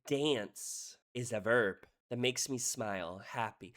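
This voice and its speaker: A man in the middle of an emotional lyric breakdown, his voice sitting at an ordinary middle pitch. He is animated and keeps tossing out "right?" as he goes, swinging between bursts of loud excitement and hushed, tender asides. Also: takes it slowly, hardly any pauses. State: emotional, head hurting. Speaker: music reaction creator.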